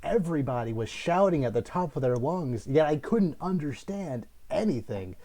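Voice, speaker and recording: A man's voice: on the high side, lively intonation, normal speed, mellow. A man hosting a casual film discussion, rambling and critical, with many fillers and restarts. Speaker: host.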